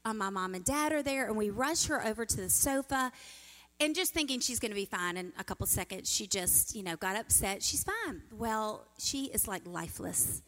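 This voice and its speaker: A middle-aged woman giving a sermon as a guest speaker, telling stories in an animated way and acting out the quotes. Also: mid-range voice, normal speed. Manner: animated, storytelling, acts out quotes. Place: church sanctuary. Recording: reverberant church hall.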